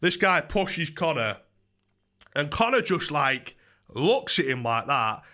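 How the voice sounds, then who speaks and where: A man's voice: a little high, slow pace. A young man, a streamer telling a rambling story full of swearing and restarts. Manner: profane, excitable, rambling with many restarts. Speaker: YouTuber streamer. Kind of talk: casual storytelling on a livestream.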